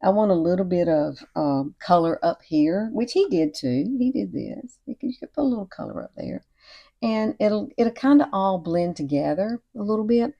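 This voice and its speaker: A woman, chatting warmly and encouragingly through a makeup tutorial at home. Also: mid-range voice, animated, moderate pace, gravelly, lo-fi sound. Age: 60s. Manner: chatty and encouraging, often says y'all and girl. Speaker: beauty vlogger. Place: home at night with cicadas outside.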